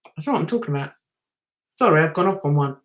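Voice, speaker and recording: Speaking very fast in a deep, expressive voice, a woman with a London accent hosts an easygoing livestream. She rambles and chats with her audience, laughing and singing bits of songs along the way.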